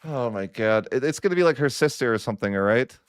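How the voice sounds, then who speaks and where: A man's voice: mid-range voice, animated, quick pace, clear, resonant tone, no room sound. Young male gameplay commentator, exasperated and sarcastic, clean resonant voice, dead-dry close sound. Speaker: strategy game streamer.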